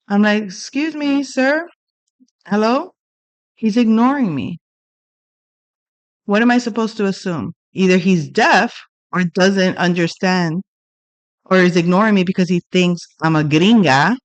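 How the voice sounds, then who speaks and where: A woman's voice: fairly low pitch, unhurried, long pauses, dry recording. Blunt, profane woman telling a story. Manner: blunt, profane, animated retelling. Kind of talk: casual storytelling monologue.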